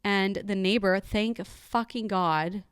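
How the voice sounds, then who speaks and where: A woman's voice: medium pitch, slow pace, smooth, no echo, clean studio sound. A young adult woman hosting a solo podcast, telling a personal story in a candid, rambling way with many fillers. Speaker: podcast host.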